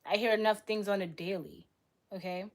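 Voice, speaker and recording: A young woman hosting a live stream, arguing bluntly with her chat in rapid-fire retorts. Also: mid-range voice, fairly even intonation. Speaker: livestream host.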